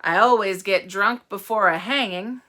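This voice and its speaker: A man's voice: high voice, pushed and bright. Woman putting on a drawling drunk sheriff. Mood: leering. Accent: Southern US drawl. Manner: slow lazy drawl. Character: drunk leering small-town sheriff, slow drawl.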